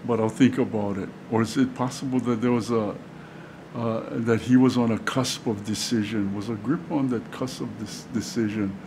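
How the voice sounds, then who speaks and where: Pastor, man, mid-pitched, teaching in a chatty, halting way, faint hiss behind. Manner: conversational, halting, many fillers and restarts. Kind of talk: sermon. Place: church sanctuary.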